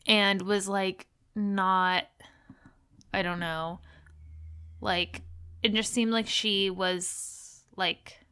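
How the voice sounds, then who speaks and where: Young woman podcast co-host, bright crisp voice, slow unhurried recap chat. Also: medium pitch. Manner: chatty, many "like" fillers, animated retelling.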